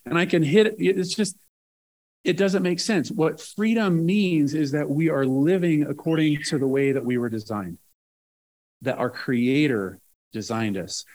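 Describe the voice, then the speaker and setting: A man's voice: a little high, a little mellow. A man pastor preaching a sermon in a conversational way, often checking in with the room.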